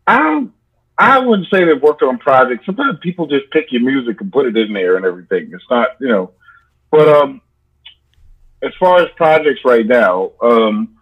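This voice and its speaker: A man's voice: mid-range voice, husky. A man guest on an interview, talking in a playful, rambling way and fond of joking nicknames. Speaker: musician guest. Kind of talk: casual interview chat. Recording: dull lo-fi sound.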